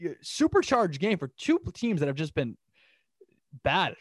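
Young male sports podcast host, brisk and lively, slightly higher voice, dry close sound, off-the-cuff. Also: no room sound. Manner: animated, rambling, quick recaps of scores. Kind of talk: casual sports talk.

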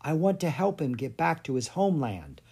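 A reader voicing Grace, a gentle kind huntress. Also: mid-range voice, sing-song, moderate pace, gravelly, breathy edge, heavily acted. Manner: gentle, soft-spoken. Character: kind woman animal hunter, gentle and wise.

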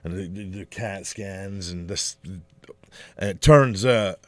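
A man co-hosting a podcast, telling a story in an animated, profane, laughing way. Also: low-pitched, slow pace, no room sound. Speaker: podcast co-host. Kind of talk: casual storytelling chat.

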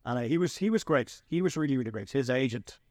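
A man hosting a podcast and telling a story in a chatty, animated way with lots of restarts. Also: mid-range voice, quick pace, dry recording, clean studio sound. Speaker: podcast host. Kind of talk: casual storytelling chat.

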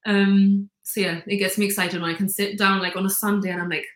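Her mid-range voice is fairly bright and flat in delivery, moving a little fast, with a roomy sound. As a casual interview guest, this Gibraltarian woman in her 20s comes across upbeat and chatty, with frequent "like" and "you know".

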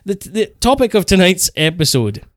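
A man co-hosting a casual podcast, telling stories in a rambling, animated way. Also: sits high, normal speed, dry recording, clean studio sound. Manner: rambling, animated storytelling with self-corrections. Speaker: podcast co-host.

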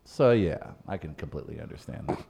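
A man hosting a podcast in casual chat, animated, with his voice jumping up when he jokes or protests. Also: fast, gravelly, slightly rough. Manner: animated, jumps high when indignant or joking. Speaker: podcast host.

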